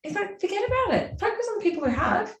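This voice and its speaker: A woman chatting as an interview guest, animated and acting out her own inner voice. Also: very high-pitched, fast talker. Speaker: guest, business mentor. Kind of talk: casual interview chat. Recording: roomy sound from a distance off the mic.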